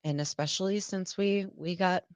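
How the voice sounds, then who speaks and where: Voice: medium pitch, fairly even intonation, normal speed, clean tone, no room sound. A podcast co-host chatting eagerly and casually.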